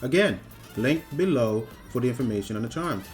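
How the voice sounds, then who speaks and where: A man reviewing a video game in a scripted voice-over, breaking into animated, mock-outraged rants with repeated questions. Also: mid-range voice, brisk, soft background music.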